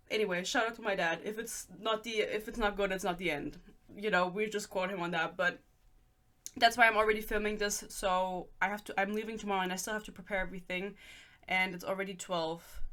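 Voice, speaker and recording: A woman in her twenties hosts a podcast, speaking English with a German accent in a bright, ringing voice. She chats loosely and mocks herself, with swearing asides. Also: mid-range voice. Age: 20s. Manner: chatty and self-mocking, with swearing asides. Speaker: podcast host. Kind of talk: casual chat.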